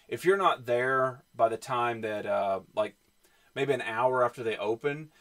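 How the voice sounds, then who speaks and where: A man with a Southern US accent chats loosely on a livestream. He rambles from one thought to the next, leaning on plenty of ums and uhs, and his pitch sits in an ordinary middle register. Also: unhurried, fairly bright tone. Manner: rambling, filler-heavy, reacts to chat. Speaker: streamer showing his comic collection. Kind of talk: casual livestream chat.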